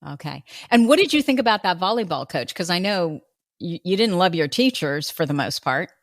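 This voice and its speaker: A woman's voice: fairly low pitch, sing-song, a little fast, no echo, clean studio sound. A woman hosting a podcast, asking friendly, curious questions in a casual chat. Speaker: podcast host.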